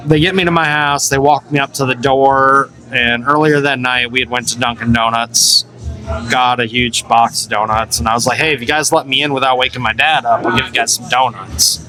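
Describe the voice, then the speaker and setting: A man's voice: mid-range voice, brisk, music in the background, rough recording. A man telling a wild, profane story in casual bar talk, acting out the voices of the people in it. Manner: profane, animated, acts out quotes. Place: local bar.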